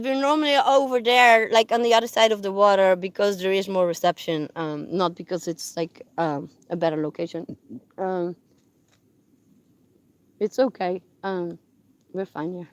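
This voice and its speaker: A woman chatting on a live stream from her parked car, rambling with many fillers and restarts, and softly cooing to her dogs. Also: mid-range voice, no echo. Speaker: livestreamer. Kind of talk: casual live-stream chat. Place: parked car on public land.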